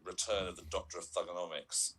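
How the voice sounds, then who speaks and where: A man, co-hosting a casual podcast and telling stories in an animated way. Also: low-pitched, fast, breathy edge. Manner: chatty storyteller, animated retelling. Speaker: podcast co-host.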